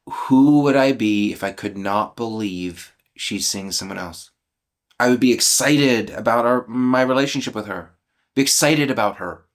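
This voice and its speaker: A man in his fifties speaking candidly and emotionally, questioning his own beliefs aloud in a reflective self-inquiry. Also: mid-range voice. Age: 50s. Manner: candid and vulnerable, with soft laughs. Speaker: channel host.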